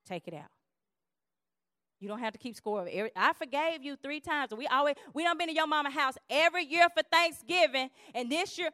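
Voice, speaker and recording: A woman giving a lively church teaching on conflict, acting out quarrels in quick voices. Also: high-pitched, no room sound, studio quality.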